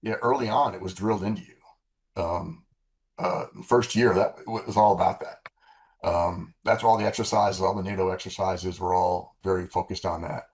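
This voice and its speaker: A low-voiced man in his sixties, once a fighter-bomber pilot in the military, is a guest in an interview, speaking at normal speed. He tells relaxed stories casually, restarting often and using blunt, profane language.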